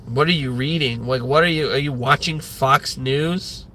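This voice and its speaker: A man's voice: medium pitch, normal speed, bright, forceful tone, a little hiss or hum. A man in his thirties hosting a livestream, ranting in a rambling way with lots of swearing and filler words. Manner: rambling, profane, many fillers. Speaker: livestream host.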